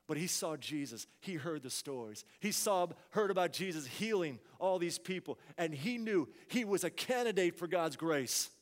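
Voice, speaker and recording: A man preaches from the pulpit, his voice sitting high for a man. He drops to near-murmurs and then swells into loud, pleading cries. The sound rings out with a long reverb, as in a large church hall. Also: expressive, moderate pace, hardly any pauses. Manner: preaching with swings from hushed to shouted. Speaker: pastor. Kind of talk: sermon.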